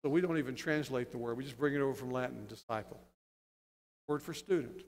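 A man preaching a sermon as pastor, building to loud, emphatic, stressed phrases. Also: mid-range voice, fast talker. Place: church sanctuary. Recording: long church reverb.

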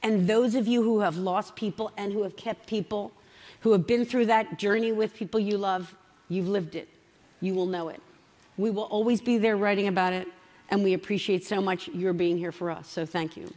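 A middle-aged woman telling funny family stories as an author on a festival stage, chatty and animated. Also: medium pitch, moderate pace, big-room sound. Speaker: author speaking at a book festival. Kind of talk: humorous storytelling talk. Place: large festival hall.

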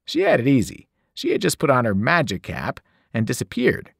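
Male teacher, reading a novel aloud, expressive, lively pitch, dry close sound. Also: normal speed, creaky, dry recording. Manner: expressive storytelling.

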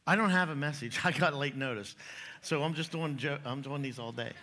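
A man's voice: a little high, a little fast, bright, forceful tone, a little hiss or hum. Joking folksy man preaching. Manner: joking, folksy, chuckles at own jokes. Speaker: pastor. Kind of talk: sermon with jokes. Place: church sanctuary.

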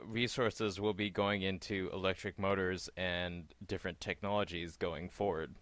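Measured low-voiced man, dry sound. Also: steady tone, a bit bright, no room sound. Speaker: podcast co-host. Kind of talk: casual chat.

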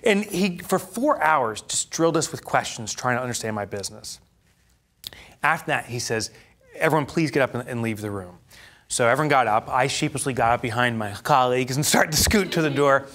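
A man's voice: medium pitch, lively intonation, fairly quick, a bit bright. A man presenting a live business workshop in a studio before an audience, telling anecdotes animatedly and laughing at his own stories.

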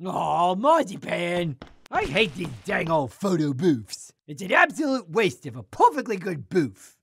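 A man's voice: sits high, big pitch swings, unhurried, vocal fry, a bit bright, a little hiss or hum, heavily acted. A man voicing a dim, goofy cartoon hero who drawls his words. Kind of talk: cartoon voice acting.

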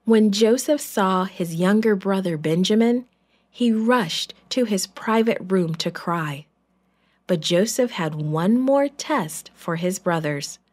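Woman reading kids a bible story in church, real slow, lots of expression. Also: mid-range voice, a little mellow. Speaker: children's storyteller.

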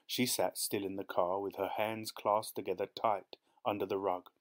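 A man narrates a short story in a low voice. His reading is measured and steady.

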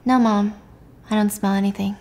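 A woman voicing a young boy who answers calmly and obediently. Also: mid-range voice, normal speed, close to an everyday voice. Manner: calm, flat, obedient. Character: calm withdrawn young boy.

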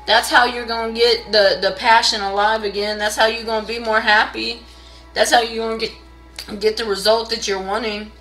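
A woman's voice: little pitch movement, moderate pace, fairly bright tone, soft background music, low-quality recording. A woman doing a casual live tarot reading, blunt and profane, scolding viewers and pushing sales. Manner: pushy sales pitch.

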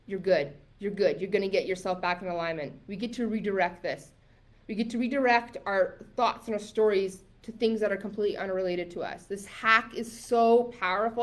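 A woman coaching a live online masterclass, chatty and emphatic, with many likes and rights, sometimes reading viewer comments aloud. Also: medium pitch.

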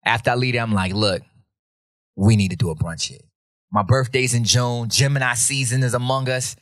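A man's voice: mid-range voice, moderate pace, dry recording, clean studio sound. A man hosting a podcast, telling a casual, slangy story and acting out the other people's voices. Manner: animated, slangy, acts out quoted voices. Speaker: podcast host.

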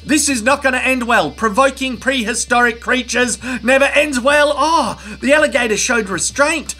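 A man narrates comedy clips with a crude, sarcastic edge. His voice sits high and sounds bright and forward. He delivers quick punchlines in a comic voice-over style. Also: soft background music.

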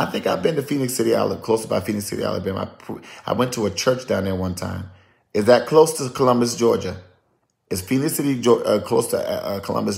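A man, a prophetic minister chatting on a live stream, lively and chatty as he calls out viewers' names and places. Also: on the low side, creaky. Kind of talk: casual live-stream chat greeting viewers.

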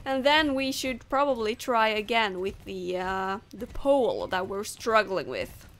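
A woman's voice: medium pitch, animated, a little slow, a bit bright. A woman who is not a native English speaker, chatting casually over gameplay and laughing off her own misreads. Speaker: gamer.

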